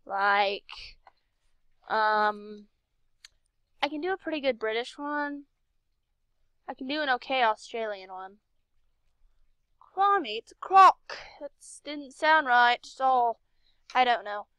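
A woman's voice: a little high, takes it slowly, long pauses, fairly bright tone, clear, resonant tone, dry recording, dull audio. A young woman commenting casually as she plays a game, chatty and sarcastic, talking to herself. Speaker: game streamer.

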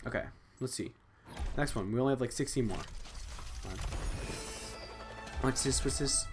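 A young man talking to himself at his computer while opening loot boxes, excitable and chatty. He groans at duds and cheers at good drops, in a plain mid-range voice on a desk mic, with faint music playing underneath. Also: mid-range voice. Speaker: gaming channel host. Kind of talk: casual unboxing commentary. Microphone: desk USB microphone.

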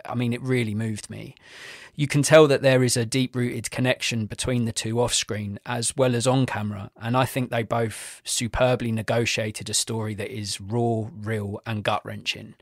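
A man's voice: medium pitch, no echo, clean studio sound. A man co-hosting a film podcast, talking earnestly and reflectively about a film, with the odd swear word. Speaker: podcast co-host. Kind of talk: casual film review chat.

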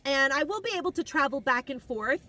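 A woman in a casual shopping haul vlog, gushing and rambling with excitement, emotional and near tears at times. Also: high-pitched, brisk. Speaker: haul vlogger.

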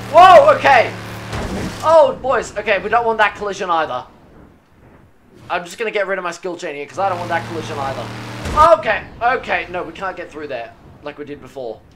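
Excitable young man streaming a racing game. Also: high voice, brisk, low-quality recording. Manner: excitable, whooping at near misses. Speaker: gaming streamer. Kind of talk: live gameplay commentary. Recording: game audio with engine noise.

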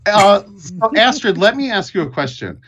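A man's voice: high-pitched, big pitch swings, a bit bright. A man narrates a tabletop game as its game master, stopping and restarting his phrases often. The sound is a touch dull and lo-fi. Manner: halting, many restarts and fillers. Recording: dull lo-fi audio.

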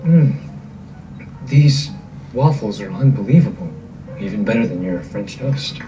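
A low, sing-song male warlock who flirts and teases. He sounds distant, as if caught off a television, with music playing beneath. The delivery is playful and smooth. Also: expressive, measured pace.

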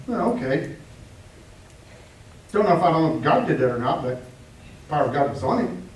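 A man's voice: high-pitched, sing-song, moderate pace, pauses often, darkish tone. A man preaching a sermon with emphatic repetition and rhetorical questions. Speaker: pastor. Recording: echoey room, heard from a distance.

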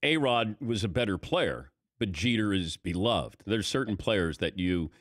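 A man hosting a sports talk radio show, animated and casual, often restarting his sentences. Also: on the low side, measured pace, no echo, studio quality.

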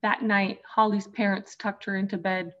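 A woman teacher reading a picture book aloud to young children, gently addressing them as friends. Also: medium pitch, level tone, moderate pace, muffled recording. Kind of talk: storybook read-aloud for children.

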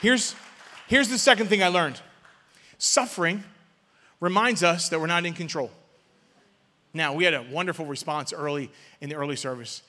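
Male preacher with a high, bright voice, call-and-response sermon, long church reverb. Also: normal speed, pauses often. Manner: call-and-response preaching, swings from loud to hushed. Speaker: guest pastor. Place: church sanctuary.

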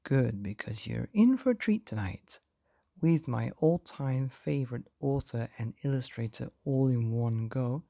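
A man who hosts a bedtime story podcast, gently reading a picture book aloud to children. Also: mid-range voice, expressive, unhurried, creaky, no echo, clean studio sound. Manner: gentle, addresses children directly.

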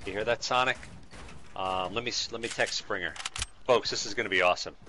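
A man in his forties streaming a game with his son, excitable and laughing, thanking viewers by name. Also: lowish voice, brisk, slight background noise. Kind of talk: casual game-stream chat.

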